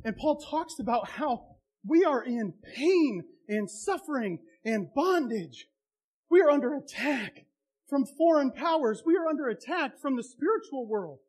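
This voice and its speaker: A man's voice: very high voice, lively intonation, unhurried, darkish tone. A man preaching a sermon as a pastor, conversational and impassioned by turns.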